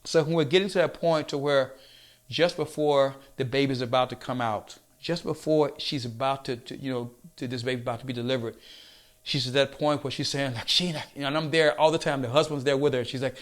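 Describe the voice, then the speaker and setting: A man giving an earnest motivational talk, slowing down to stress his points and coaxing his listeners along. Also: mid-range voice, fairly even intonation. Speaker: motivational speaker.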